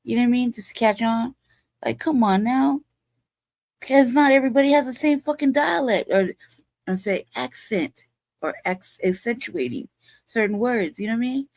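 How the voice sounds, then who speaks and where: A woman's voice: a little high, animated, normal speed, a little mellow, dry recording. A woman in her forties from California, hosting a commentary show and ranting angrily with heavy profanity. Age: 40s. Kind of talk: heated livestream commentary.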